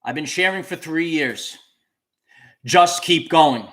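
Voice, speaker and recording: A man speaks straight to his livestream audience, his voice sitting a little higher than most men's. He repeats his key phrases over and over with a preacher's earnest emphasis. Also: slow pace, fairly bright tone. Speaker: channel host. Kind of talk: livestream talk to viewers.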